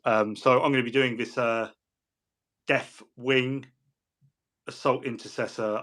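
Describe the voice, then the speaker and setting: A man's voice: mid-range voice, fairly even intonation, unhurried, pauses often, fairly bright tone. Jokey chatty man hosting. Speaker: host. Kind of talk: casual livestream chat.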